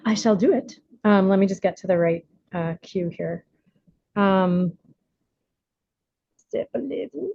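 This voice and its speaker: A woman's voice: mid-range voice, lively intonation, unhurried, creaky, pauses often. A woman leading a recovery workshop over a video call, chatty, laughing often and using lots of fillers. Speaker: workshop leader. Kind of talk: casual recovery workshop talk. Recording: slightly muffled video call audio.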